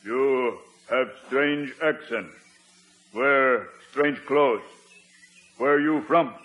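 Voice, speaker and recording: An actor playing a solemn, halting old tribal chief who speaks in slow broken sentences, in a 1950s radio sitcom. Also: male voice, medium pitch, a bit bright. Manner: slow, halting broken speech, theatrical pleading. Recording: dull lo-fi old radio recording.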